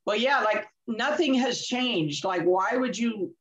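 A woman guest tells a candid story from her own life in an animated way. She laughs often and acts out both sides of the dialogue. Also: fairly high pitch, takes it slowly, poor audio. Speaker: interview guest.

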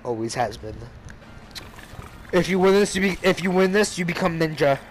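Loud foul-mouthed young gamer guy. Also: high-pitched, animated, moderate pace, slight background noise, low-quality recording. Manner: loud, profane, laughing trash talk. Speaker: gaming video host. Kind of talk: casual gaming commentary.

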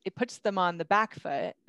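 A woman's voice: medium pitch, unhurried, creaky, fairly bright tone, no room sound. A woman giving a casual webinar talk as a company founder, upbeat and chatty, laughing often. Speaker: guest speaker, company founder.

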